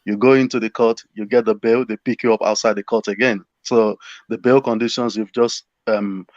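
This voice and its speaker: A man speaking as a panelist on a talk show, explaining calmly over a dull remote line. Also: lowish voice, normal speed, dry recording.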